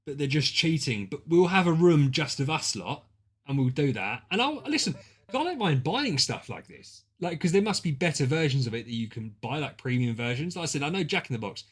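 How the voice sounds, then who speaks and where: A British man streaming a drawing game, chatting casually with friends and reacting loudly to their guesses. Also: fairly high pitch, brisk, husky. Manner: excitable, banter-heavy and sweary, reacting to guesses. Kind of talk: casual gaming stream chat.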